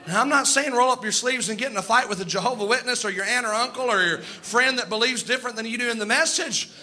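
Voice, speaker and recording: A man preaching a sermon in an emphatic style, slowing down to stress key lines and acting out quoted voices. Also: very high voice, bright, forceful tone.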